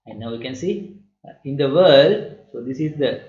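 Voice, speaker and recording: A man's voice: mid-range voice, expressive, a little mellow. Sri man, math lecturer, echoey room, muffled lo-fi sound. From Sri Lanka. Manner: explains slowly, often asks "right?".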